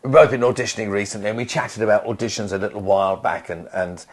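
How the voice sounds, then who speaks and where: A man co-hosting a casual podcast, telling anecdotes in an animated way with frequent restarts. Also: lowish voice, fast. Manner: animated storyteller, many restarts. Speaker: podcast co-host, actor.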